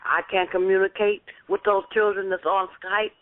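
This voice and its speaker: A woman calling into a talk show, speaking earnestly with halting restarts and pressing questions. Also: medium pitch, flat delivery, dry recording. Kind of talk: casual talk show chat. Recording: dry tinny phone line.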